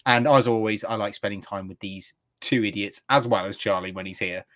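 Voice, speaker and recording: A man's voice: on the low side, fairly quick, a bit bright, no echo, studio quality. A man hosting a casual comics podcast over a video call, friendly in his sign-off patter. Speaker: podcast host. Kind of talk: casual chat.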